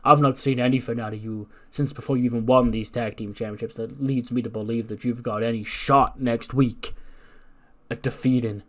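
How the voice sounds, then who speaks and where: A man's voice: medium pitch, fairly even intonation, normal speed, lightly acted. A confident wrestling champion, put on by a man narrating a game, firm and challenging. The voice stays near the narrator's own. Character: confident male wrestling champion cutting a promo.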